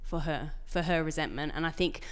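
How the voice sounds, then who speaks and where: A woman co-hosting a casual chat podcast, blunt and supportive, reacting with loud exclamations. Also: low voice, brisk, clear, resonant tone. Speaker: podcast co-host.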